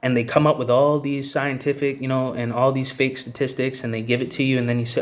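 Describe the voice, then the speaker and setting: A man's voice: mid-range voice, little pitch movement, fairly quick, hardly any pauses. Furious profane man ranting. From Canada. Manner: profane, heated, repeats "you know what I mean". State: agitated. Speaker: vlogger. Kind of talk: angry rant to camera.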